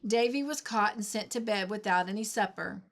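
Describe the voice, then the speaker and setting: A woman who runs a storybook channel, reading a classic novel aloud in a measured, expressive way. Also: mid-range voice, gravelly. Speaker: storybook reader.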